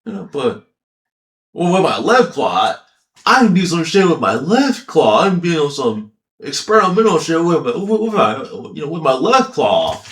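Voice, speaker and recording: At normal speed and a fairly high pitch, a man riffs loosely on an anime, swearing and laughing as he recounts scenes with animated energy. He's an anime commentator, and the recording has a reverberant quality.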